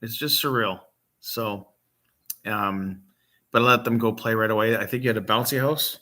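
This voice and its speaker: Middle-aged guy from michigan, low-ish but bright edgy voice, halting with lots of ums, choked up and near tears. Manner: halting, many pauses and ums, voice catching with emotion. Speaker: grieving father and vlog host. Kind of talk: unscripted casual talk to camera.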